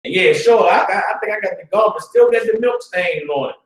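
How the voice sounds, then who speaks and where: Preaching to a class in a relaxed, street-smart style, a religious teacher with a fairly high voice drops to low mutters, then surges into loud bursts, repeatedly asking "you understand?" to check on his listeners. His delivery is brisk with lively intonation. The room echoes, and he is positioned some distance from the mic.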